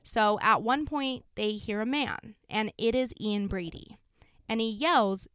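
A woman's voice: a little high, measured pace, fairly bright tone, clear, resonant tone, no echo, clean studio sound. A woman hosting a podcast, recounting a true crime case in a casual, sombre way with many fillers like "like" and "you know". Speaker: podcast host.

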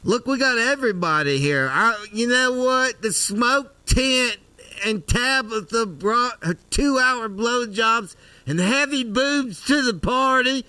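A man hosting a live show, bantering loudly and joking with callers. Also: extremely high pitch, lively intonation, slow, smooth, dry recording. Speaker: host.

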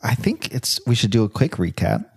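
A man's voice: mid-range voice, wildly swooping pitch, normal speed, vocal fry, a little hiss or hum. A young adult man co-hosting a podcast, chatting casually and enthusiastically while steering the conversation. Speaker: podcast co-host. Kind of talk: casual chat.

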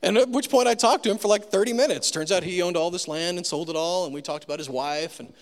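Storytelling pastor in a reverberant hall. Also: male voice, high-pitched, fast talker. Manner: conversational storytelling, self-deprecating humor. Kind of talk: sermon with personal stories. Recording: long reverb of a large room.

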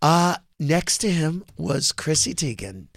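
Gravelly, chatty man hosting a podcast. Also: on the high side, lively intonation, slow pace, dry recording, clean studio sound. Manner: chatty, gossipy, enthusiastic. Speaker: podcast host. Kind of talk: casual chat.

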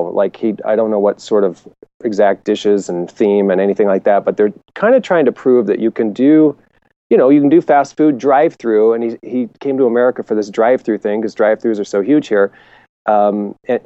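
A man's voice: on the low side, fairly quick, warm tone, dry recording, dull audio. A man co-hosting a casual marketing podcast, rambling with restarts and laughter. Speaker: podcast co-host. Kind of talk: casual chat.

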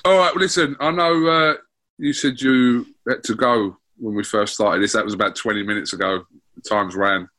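A man's voice: mid-range voice, fairly even intonation, normal speed, sharp tone, low-quality recording. A man hosting a casual interview over a call, prompting his guest with questions. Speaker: podcast host. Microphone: remote call mic.

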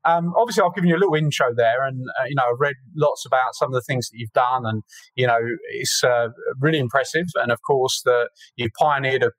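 A man's voice: medium pitch, fast, fairly bright tone, dry recording, rough recording. A man hosting a podcast interview in a chatty, encouraging way with many fillers. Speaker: podcast host.

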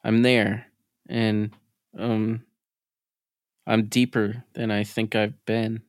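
A man reading the part of a distressed man recalling a UFO encounter under hypnosis, in a halting, hushed first-person voice. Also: on the low side, flat delivery, no room sound, clean studio sound. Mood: fearful.

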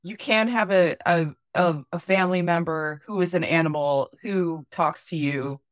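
A woman chatting on a podcast with a rambling, wry delivery and frequent restarts. Her voice is on the lower side and recorded dry and close. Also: moderate pace, no room sound. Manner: rambling, self-interrupting, wry. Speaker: podcast co-host. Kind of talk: casual podcast chat.

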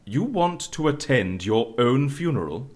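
An actor playing a dry, sardonic male agent of a secret agency in an audio drama, brisk and teasing. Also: mid-range voice, very animated. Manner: brisk and teasing, rattles off rapid questions.

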